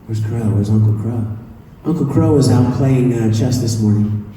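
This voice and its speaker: A man's voice: mid-range voice, normal speed, mellow, a little hiss or hum. A man, a voice actor, chatting playfully and teasing the crowd at a convention Q&A, laughing often. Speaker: voice actor guest at a fan convention Q&A. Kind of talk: casual convention Q&A. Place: large convention hall. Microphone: handheld phone camera from the audience. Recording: echoey convention hall from far off.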